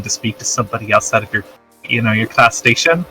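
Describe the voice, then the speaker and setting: Male co-host, bright voice, casual rambling banter. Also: medium pitch, fairly even intonation, brisk, distant mic, faint music behind, low-quality recording. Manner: joking, rambling, many fillers. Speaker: podcast co-host. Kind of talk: casual chat about a tabletop game.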